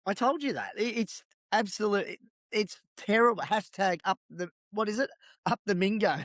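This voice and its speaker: A relaxed, middle-aged Australian man co-hosting a sports podcast, his voice sitting a bit high. He chats loosely and laughs a lot, and the sound is close and dry with no room around it. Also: normal speed, no room sound. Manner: laid-back, laughs often, says mate a lot. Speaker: podcast co-host. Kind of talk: casual chat.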